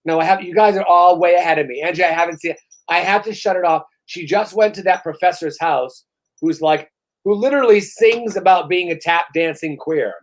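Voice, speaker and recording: A man's voice: high voice, a little fast, poor audio. Middle aged guy cohosting, swears a lot, exasperated rants, kinda wiped out. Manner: profane, ranting, exasperated storytelling. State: worn out after a vaccine shot. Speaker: podcast co-host. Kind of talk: casual chat.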